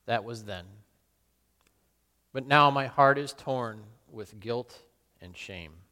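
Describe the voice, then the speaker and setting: A man playing Peter, a remorseful, brash fisherman and apostle, in a slow, brooding first-person monologue with sudden loud outbursts. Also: mid-range voice. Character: remorseful middle-aged fisherman apostle, brash, guilt-torn. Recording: long hall reverb.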